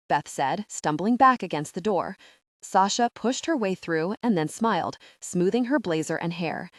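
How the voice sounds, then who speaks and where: A woman narrating a first-person audiobook with an expressive, measured reading. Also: fairly low pitch, no room sound, studio quality.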